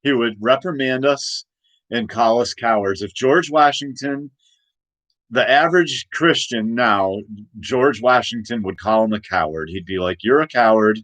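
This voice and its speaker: A man's voice: mid-range voice, unhurried, a bit bright, dry recording. A man hosting a casual political rant in a rambling way, with many restarts and laughs at his own points. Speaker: host.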